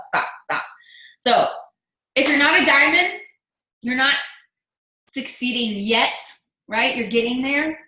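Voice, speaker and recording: A woman's voice: medium pitch, sharp tone, reverberant, low-quality recording. A woman in her thirties, a team leader giving an emphatic, preachy motivational talk on a video call.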